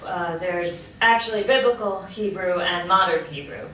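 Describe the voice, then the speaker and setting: An actress reading the part of a patient, dry-witted Hebrew tutor in a virtual play reading. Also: female voice, lowish voice, moderate pace, fairly bright tone, a little hiss or hum, lightly acted. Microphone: remote video call mic. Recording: echoey room, distant mic, faint ambience.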